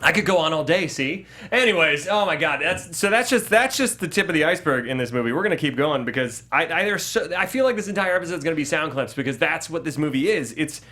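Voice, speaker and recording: Animated man recapping a movie. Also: a little high, quick pace, hardly any pauses. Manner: animated, mimics characters' lines while recapping. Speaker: podcast co-host. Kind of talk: casual movie review chat.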